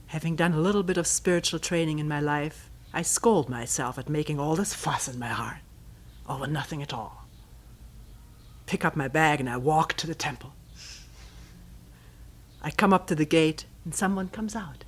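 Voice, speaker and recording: A woman giving a reflective retreat talk as a meditation teacher, reading a commentary aloud in a slow, thoughtful way, often dropping to a breathy near-whisper, wry at times. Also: sits low. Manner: wry, with soft laughs.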